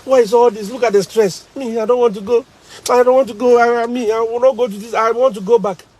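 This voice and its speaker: A man's voice: very high-pitched, steady tone, quick pace, darkish tone, voice pushed up. A man voicing a frustrated, homesick grown man, a new teacher abroad, whining and pleading. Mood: distressed whining. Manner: whining, pleading, repeating himself.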